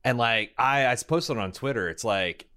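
A man's voice: medium pitch, moderate pace, bright, forceful tone, smooth. A man co-hosting a podcast in casual chat, rambling and joking with some swearing. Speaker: podcast co-host.

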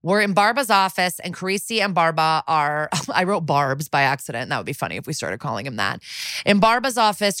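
A woman with a slightly low voice recaps a TV episode in casual podcast chat. She talks animatedly and slips into the characters' lines as she retells them. The sound is dry and close. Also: a bit bright, no echo. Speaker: podcast co-host.

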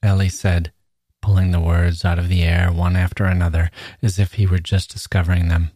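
A man hosting a podcast, reading a short story aloud in a measured, steady way. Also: deep voice, no room sound, studio quality. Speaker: podcast host.

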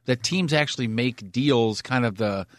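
A man's voice: medium pitch, moderate pace, dry recording, clean studio sound. A man hosting a casual hockey podcast, curious and joking, asking follow-up questions. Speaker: podcast host. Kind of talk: casual sports chat.

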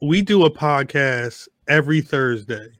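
A man hosting a rowdy live podcast, loud and laughing, talking over the others in casual chat. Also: mid-range voice, animated, a little slow, dry recording, clean studio sound. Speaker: podcast host.

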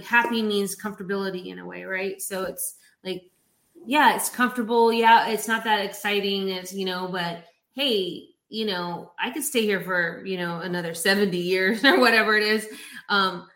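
A woman's voice: medium pitch, fairly even intonation, normal speed, a bit bright. A woman host muses aloud in a loose, rambling way, leaning on "you know" as she thinks. Her voice sits in the middle range. The room around her is echoey. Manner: musing, loose, many "you know" fillers. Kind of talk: conversational interview.

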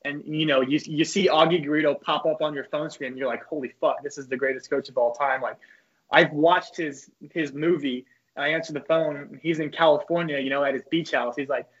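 A young man, a former college pitcher, telling loose, profane stories as a podcast guest. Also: fairly even intonation, brisk, fairly bright tone, lo-fi sound. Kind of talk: casual podcast chat.

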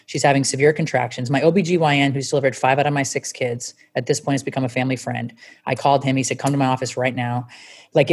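A woman's voice: rumbling low, darkish tone. A woman in her forties, an interview guest, telling her story candidly and bluntly, swearing freely.

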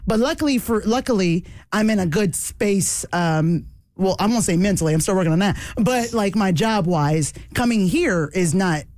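A woman's voice: medium pitch, lively intonation, moderate pace, darkish tone, no echo, clean studio sound. A woman producer talking casually on a podcast and laughing often between sentences.

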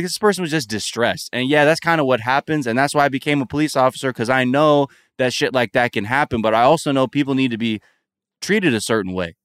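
A man's voice: medium pitch, fast talker, clear, resonant tone, dry recording, clean studio sound. A man co-hosting a podcast in casual chat, swearing freely and acting out quoted voices. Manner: profane, animated, acts out quoted voices. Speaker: podcast co-host.

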